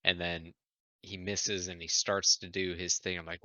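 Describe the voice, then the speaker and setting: A man playing a tabletop game, talking haltingly and stumbling over his words. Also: low voice, little pitch movement, pushed and bright, no room sound. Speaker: player.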